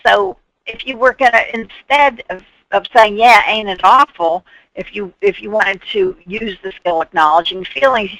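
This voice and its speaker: A woman's voice: mid-range voice, moderate pace, fairly bright tone, poor audio. A woman presenting an instructional webinar on patient care, explaining through worked examples and briefly acting out what people might say.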